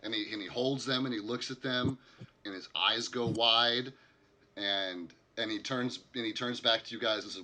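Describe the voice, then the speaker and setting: A man's voice: mid-range voice, normal speed, sharp tone. A man running a tabletop game as game master, narrating with lots of hesitations and restarts.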